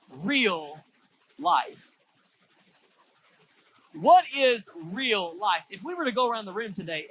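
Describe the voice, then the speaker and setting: A man's voice: high voice, pushed and bright, a little hiss or hum, rough recording. A male pastor preaching a sermon in a casual storytelling way, full of fillers, in a church.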